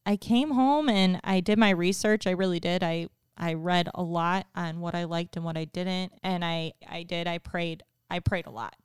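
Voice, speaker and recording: A woman's voice: on the low side, steady tone, normal speed, few pauses, clean tone, no echo, studio quality. A woman in her thirties chatting casually, telling a story and acting out quotes. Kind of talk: casual chat.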